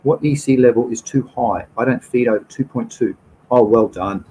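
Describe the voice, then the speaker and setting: A man's voice: mid-range voice, moderate pace, dark tone, slight background noise, poor audio. A man with an Australian accent hosting a casual livestream, reading out viewer comments and answering questions in an informal, chatty way. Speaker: livestream host.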